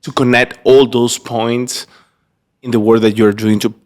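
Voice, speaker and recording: A man's voice: medium pitch, flat delivery, unhurried, a little mellow. Man hosting a bilingual podcast. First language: Spanish. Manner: enthusiastic, repeats and restarts, slips between languages. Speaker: podcast host.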